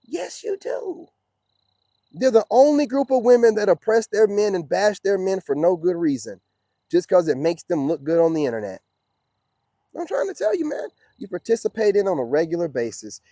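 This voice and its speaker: Man, heated preachy rant, slangy, slightly high pitch, mellow tone. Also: sing-song, a little fast, no room sound. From United States. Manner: preachy, heated, slangy, repeats "you know what I'm saying". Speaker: online commentator. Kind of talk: ranting monologue.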